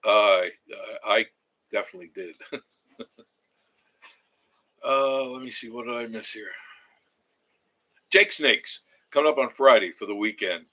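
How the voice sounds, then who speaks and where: A man's voice: lowish voice, a little slow, long pauses, pushed and bright, low-quality recording. A man, chatting casually on a livestream from his cabin and reading viewer comments aloud in a rambling way. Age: 70s. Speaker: livestream host. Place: home cabin.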